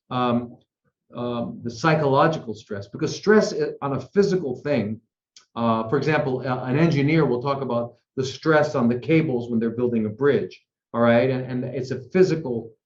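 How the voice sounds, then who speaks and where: A man's voice: mid-range voice, a little mellow. Male doctor guest, storytelling explainer, muffled lo-fi sound with echo. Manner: explains through stories and examples, frequent ums. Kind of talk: explanatory interview talk.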